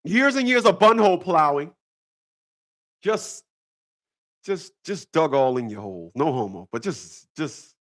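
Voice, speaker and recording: A man's voice: a little high, expressive, measured pace, long pauses, fairly bright tone. A man hosting a casual livestream talk, rambling, repeating himself and breaking into laughter. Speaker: channel host.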